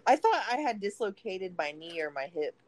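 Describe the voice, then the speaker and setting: A woman on a podcast in relaxed, loose chat, punctuated by laughter and easy swearing. She is recovering from a broken leg. The sound is dry and close, with no room echo. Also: medium pitch, normal speed. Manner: laughs often, swears casually. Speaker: podcast co-host. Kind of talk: casual chat.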